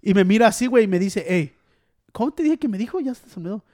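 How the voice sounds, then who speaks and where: A man's voice: high voice, very fast, dry recording, clean studio sound. A man telling a story in casual chat among friends, swearing a lot and acting out other people's lines. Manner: profane, animated, mimics other people.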